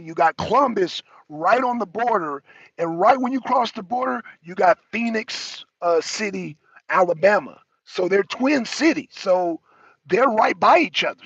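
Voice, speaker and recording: A man's voice: high-pitched, fairly bright tone, breathy edge, no echo, dull audio. A man hosting a casual livestream talk show, rambling and slangy, often repeating himself.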